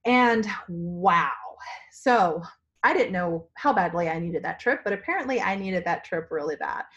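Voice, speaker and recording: A woman from Virginia with a hoarse, partly lost voice, giving a spontaneous, rambling pep talk to her sales team from a family home. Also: lowish voice, expressive, a little slow, fairly bright tone, lo-fi sound. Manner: enthusiastic, rambling, full of restarts. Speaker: direct-sales team leader. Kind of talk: spontaneous motivational vlog.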